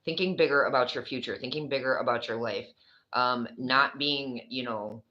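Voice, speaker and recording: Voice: mid-range voice, moderate pace, bright, forceful tone, muffled recording. A speaker with a New York accent giving a casual, rambling tarot reading, chatty and swearing freely. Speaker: tarot reader.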